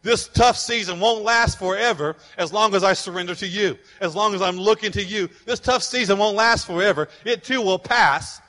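A man preaching a fervent sermon as pastor, building to loud declarations, recorded in a church with long reverb. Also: high-pitched, moderate pace, hardly any pauses. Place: church sanctuary. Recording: long reverb of a large hall.

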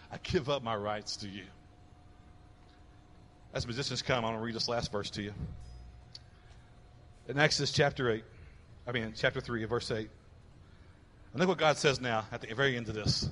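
A man preaching a sermon as pastor, with impassioned delivery that swings between hushed and loud. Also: high-pitched, in a large hall.

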